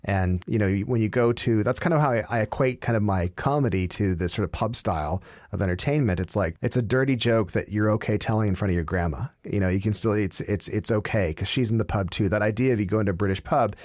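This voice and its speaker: A man with a fairly low voice answers questions as an interview guest. He rambles through his stories in a chatty, anecdotal way. The sound is dry and close, with no room around it. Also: quick pace, hardly any pauses, a little mellow, no room sound. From Canada. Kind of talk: casual interview chat.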